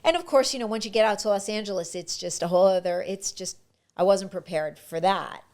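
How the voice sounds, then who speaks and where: An actress telling lively stories about her auditions and career in a casual interview. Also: medium pitch, a little fast. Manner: lively anecdotal, frequent restarts. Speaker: actress guest.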